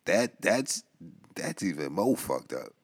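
A man's voice: deep voice, very animated, slow pace, slightly rough. A young man with a New York accent, hosting a casual podcast monologue in loose, profane storytelling style. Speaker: podcast host. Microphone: headphones and home mic.

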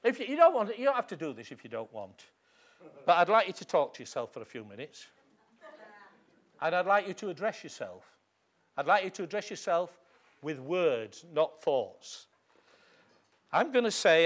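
A man's voice: on the high side, very animated, normal speed, pauses often. A man with a Northern English accent preaching a sermon in a church hall, emphatic and calling for amens. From England. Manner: emphatic, call-and-response.

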